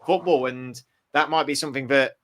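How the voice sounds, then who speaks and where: A man's voice: medium pitch, fairly even intonation, brisk, fairly bright tone. A man co-hosting a sports podcast, chatting casually and thinking aloud with many restarts. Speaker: podcast co-host. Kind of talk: casual chat.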